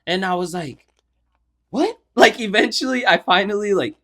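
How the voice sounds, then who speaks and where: A man's voice: high voice, fairly quick. A young man co-hosting a podcast, casually telling a profane story and acting out the people in it. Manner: animated, profane storyteller who acts out the people in his story. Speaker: podcast co-host.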